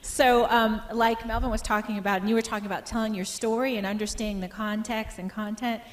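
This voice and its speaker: A woman's voice: on the high side, fairly even intonation, brisk. A woman speaking casually on a conference panel, telling stories and using fillers. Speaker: fellow panelist. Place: conference room.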